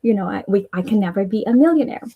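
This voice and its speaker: A woman's voice: mid-range voice, animated, fast talker, husky, phone-quality sound. A woman with a Filipino accent hosting a casual live stream, chatty and earnest as she shares personal affirmations, rambling a little with restarts and small laughs. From Philippines.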